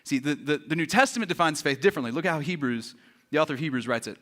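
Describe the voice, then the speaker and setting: High bright-voiced pastor guy preaching, joking around, acting stuff out. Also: quick pace. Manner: animated, joking, acts out quotes. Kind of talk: sermon. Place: church.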